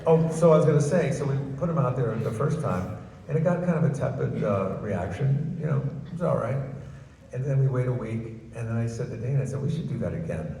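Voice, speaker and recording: On stage in a large ballroom at a book festival, an older comedian shares stories in a chatty, self-amused manner, speaking a little fast in a mellow mid-range voice with vocal fry. He's far from the mic, and the sound is echoey and noisy.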